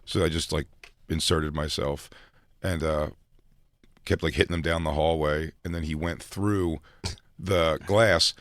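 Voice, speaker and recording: A man's voice: rumbling low, unhurried, long pauses, dry recording. A man in casual studio chat, telling a rambling story and acting out the people in it. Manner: rambling, animated storyteller who acts out voices. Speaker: comedian guest.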